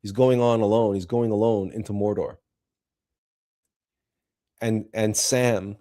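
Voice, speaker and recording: A man's voice: fairly low pitch, fairly even intonation, takes it slowly, mellow. A man hosting a spiritual talk show, speaking in an earnest, emotional monologue with frequent repeats and restarts. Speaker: host.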